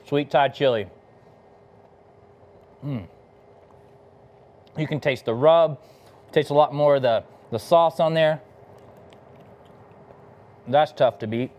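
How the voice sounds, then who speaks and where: On the higher side and with a darkish tone, this middle-aged Texan takes his time, leaving long pauses. He's a barbecue pitmaster running a live cooking demo, easygoing and enthusiastic as he chats between bites.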